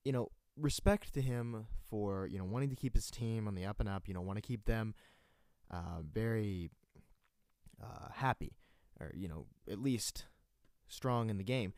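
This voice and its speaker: A man's voice: fairly low pitch, moderate pace, darkish tone, no echo. A young man from North Carolina hosting his own amateur radio show, rambling and self-mocking with many fillers and restarts. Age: late teens. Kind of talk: rambling solo radio talk. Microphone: headphones and desk mic.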